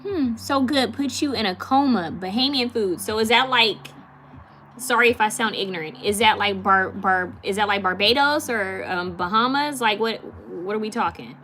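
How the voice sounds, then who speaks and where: A Californian woman hosts a live stream, chatting casually and giggling while she answers viewer comments, chatty with many fillers and quick repeats. Her medium-pitched voice sounds pushed and bright, with slight background noise.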